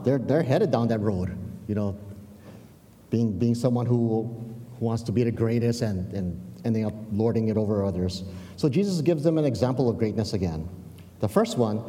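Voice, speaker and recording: A man's voice: fairly low pitch, mellow, big-room sound. A man preaching a sermon in a conversational way, often restarting words and checking in with "yeah?". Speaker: pastor.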